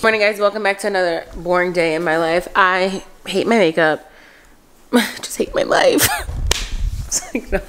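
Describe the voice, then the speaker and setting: A woman's voice: on the low side, moderate pace, a bit bright, slight background noise. A woman in her twenties from Philadelphia, talking candidly in a casual mom vlog, rambling and full of "like". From Philadelphia, USA. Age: 20s. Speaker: mom vlogger.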